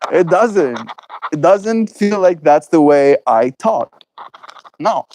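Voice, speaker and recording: A South African man in his twenties, chatting with viewers in a slow, musing way during a stream. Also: a little high, animated, dark tone, no room sound, low-quality recording. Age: 20s. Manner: slow, drawn-out and musing, laughs easily. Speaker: daily livestreamer. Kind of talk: reflective stream chat with viewers.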